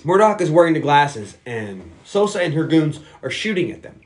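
A man casually retelling a film plot on a podcast, animated, slipping into character voices and swearing freely. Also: on the high side, normal speed. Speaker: podcast co-host recapping a movie. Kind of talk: casual chat.

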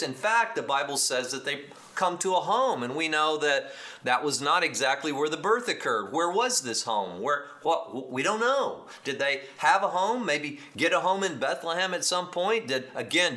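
A man with a Texas accent preaching a sermon, teaching in an animated, emphatic way with frequent restarts and asides to the congregation. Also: fairly high pitch, normal speed. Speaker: pastor.

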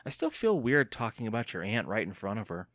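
A man's voice: fairly low pitch, wildly swooping pitch, fairly quick, a bit bright, no room sound. A bold, plain-spoken young girl from a storybook, played by a man reading aloud. Her voice sits well above his own and pushes forward with urgency. The sound is close and dry. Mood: eager.

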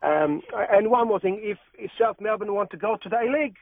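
A male caller on a talk radio phone-in, talking excitably and haltingly, with an accent that keeps drifting. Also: sits high. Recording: tinny phone line.

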